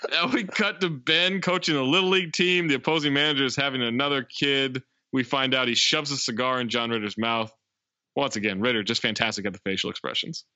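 A man's voice: mid-range voice, steady tone, a little fast, bright, forceful tone, no room sound, highs cut off. A man co-hosting a podcast, recapping a film's plot in casual chat and quoting its lines. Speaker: podcast co-host.

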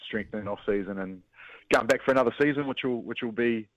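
Relaxed New Zealand man on a muffled phone line. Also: mid-range voice, no room sound. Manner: relaxed, halting, many fillers. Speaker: rugby player guest. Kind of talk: casual chat. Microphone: phone call.

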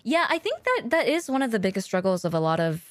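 Lively young woman with a very dry sound. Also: fairly high pitch, fast talker, no room sound. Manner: laughing, swearing, rambling with many fillers. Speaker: podcast co-host. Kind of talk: casual chat.

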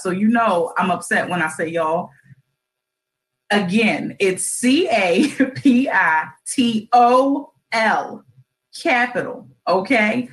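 A woman's voice: medium pitch, rough recording. Chatty woman hosting an online radio show. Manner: chatty, addresses listeners as y'all, corny jokes, animated. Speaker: internet radio host. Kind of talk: casual livestream talk show.

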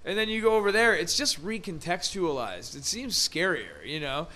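Podcast co-host, American man, bright and fairly high, loose rambling chatter. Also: expressive, normal speed. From United States. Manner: rambling, heavy use of "like" and swearing. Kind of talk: casual podcast chat.

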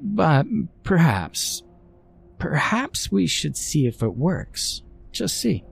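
A man voicing a hesitant townswoman who coaxes the others gently and tentatively. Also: sits low, very animated, slow, vocal fry, soft background music, voice pushed up, full character voice.

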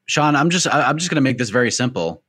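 A man's voice: mid-range voice, lively intonation, fast talker, noisy background. A man hosting a sports panel, making short remarks and handing over to others. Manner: brief, moves the talk along. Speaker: host. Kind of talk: casual sports chat.

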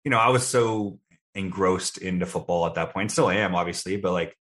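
A young man with a very low, deep voice answers questions in an easygoing, thoughtful way. He is casual and a little self-deprecating. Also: moderate pace, fairly bright tone. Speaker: guest.

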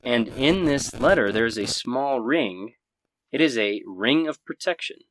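A man's voice: mid-range voice, lively intonation, a little slow, a bit bright, slight background noise, low-quality recording. A man narrating as game master in a casual, rambling way with many fillers.

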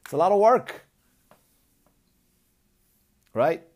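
A man's voice: sits high, very animated, extremely slow, darkish tone. A man on a blunt, profane comic rant, arguing and mocking as he goes. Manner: blunt, swearing, argumentative, mocking.

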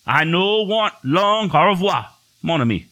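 A man's voice: very animated, a little slow, pushed and bright, dry recording, exaggerated voice. A man putting on a whiny French Canadian bully. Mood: pleading. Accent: mock French Canadian. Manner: pleading, broken English, high and nasal. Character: blustering French Canadian bully begging for life.

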